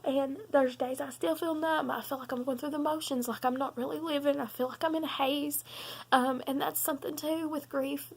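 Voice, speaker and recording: A young woman speaks straight to her viewers in a confessional vlog, her voice high and catching with gravelly fry. She is tearful and sobbing, and she stops often with ums and halting restarts. She keeps speaking earnestly through the tears. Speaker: vlogger.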